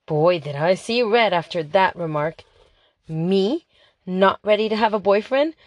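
A woman's voice: medium pitch, animated, a little slow, dry recording. Woman narrating a chatty diary. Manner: chatty, dramatic, exasperated. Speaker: audiobook narrator. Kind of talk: first-person diary narration.

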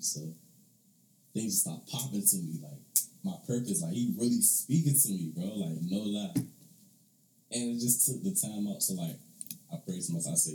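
Young man, podcast guest, casual storytelling, slangy, very low voice, roomy echo, faint hum. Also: moderate pace, long pauses, mellow. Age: young adult. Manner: slangy, laid-back, keeps saying "bro" and "like".

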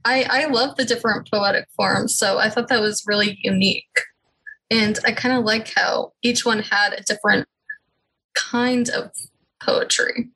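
A woman's voice: medium pitch, steady tone, normal speed, pushed and bright, slightly rough, rough recording. A woman interviewer asking earnest, admiring questions.

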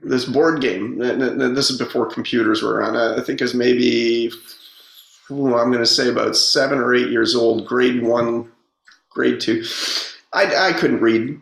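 A man's voice: medium pitch, fairly even intonation, creaky, fairly bright tone. A man telling personal stories in a reflective, casual way, often repeating and restarting words. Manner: halting, repeats words, earnest storytelling. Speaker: speaker on personal growth. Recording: roomy echo.

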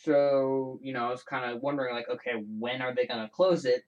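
A man hosting his own show in a casual, rambling solo chat, animated and full of restarts and side comments. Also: medium pitch, fairly quick, highs cut off. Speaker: show host.

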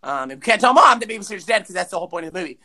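A man co-hosting a podcast, chatting casually and swearing as he recaps a movie with big pitch swings for emphasis. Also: lively intonation, rapid-fire, sharp tone. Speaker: podcast co-host.

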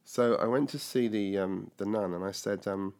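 An older man from England recounts his past in an interview, his voice sitting on the low side for a man. He tells it as a vivid, animated story and slips into the voices of the people he describes. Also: normal speed. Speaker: guest telling his life story. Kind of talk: conversational storytelling.

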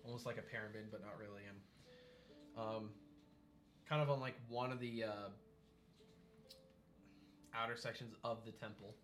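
A man's voice: lowish voice, fairly even intonation, moderate pace, pauses often, fairly bright tone, faint music behind. A man narrating a tabletop game as game master, describing scenes in a loose, rambling way with many fillers.

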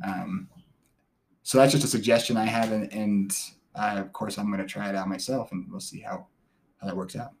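A man's voice: fairly low pitch, fairly even intonation, moderate pace. A man co-hosting a family podcast, chatting casually with hesitant restarts and easy laughs. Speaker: podcast co-host. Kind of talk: casual chat.

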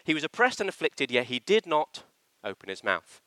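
At normal speed, a man preaches in church with an emphatic, animated style, dramatizing short quotes as he goes. His voice is bright with a touch of sharpness, and his pitch rises and falls vividly. The sound is close-miked and dry, with little room echo.

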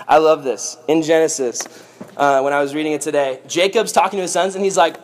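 A man preaching through a Bible story in a lively, playful, jokey way. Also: on the high side, fairly quick, background noise.

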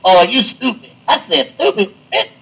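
Young guy hosting a chill podcast, high husky voice, keeps cracking up. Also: big pitch swings, normal speed, poor audio. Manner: loud, laughing, crude storytelling. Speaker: podcast host. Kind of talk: casual podcast banter.

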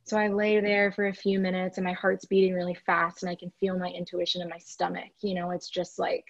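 A woman's voice: lowish voice, monotone, brisk, vocal fry, dry recording. A woman, a podcast guest, recounting a personal story in a chatty way, full of "like" and "you know". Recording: dry, slightly dull recording.

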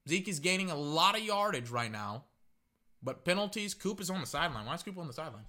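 A man giving casual, rambling live reactions to a football game as a fan commentator, getting excitable and repeating himself. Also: a little high, fast talker.

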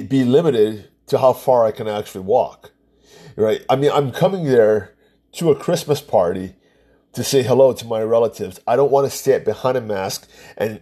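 Sarcastic scoffing man, dark husky voice. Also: medium pitch. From Hawaii. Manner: sarcastic, scoffing, rambling with restarts. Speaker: commentator. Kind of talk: casual opinion monologue.

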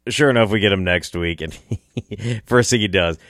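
On the low side and a bit bright, this podcast host's voice moves at a moderate pace as he rambles through a casual story, chuckling, swearing, and restarting sentences. The recording is dry, with clean studio sound.

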